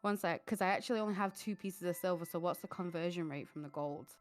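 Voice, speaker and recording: A woman playing a tabletop game, chatty and full of questions. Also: fairly low pitch. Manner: quick, chatty, asks lots of questions. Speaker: player. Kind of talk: casual tabletop game chat.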